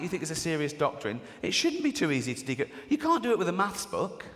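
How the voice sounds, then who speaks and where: A man's voice: fairly high pitch, wildly swooping pitch, fast talker, hardly any pauses, a bit bright. A man in his forties with an English accent doing a live stand-up routine, mocking and acting out characters in silly voices, giggling at his own jokes. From England. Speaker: stand-up comedian. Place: large theatre stage. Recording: live theatre recording with long reverb and audience. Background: audience laughter.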